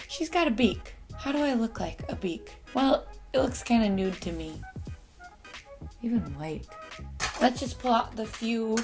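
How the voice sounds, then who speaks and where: A woman's voice: fairly high pitch, lively intonation, a little slow, music in the background. Playful woman vlogger chatting to her bird. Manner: self-mocking asides. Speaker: beauty vlogger. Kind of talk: casual makeup tutorial chat.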